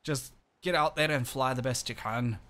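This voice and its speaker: A man voicing a calm, encouraging young woman in a let's-play, reading her lines gently. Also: medium pitch, moderate pace, a little hiss or hum, natural voice.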